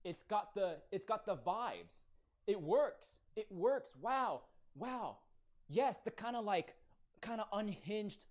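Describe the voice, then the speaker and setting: A man giving playful commentary, musing aloud in an animated way. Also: high voice, slow. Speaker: video commentator.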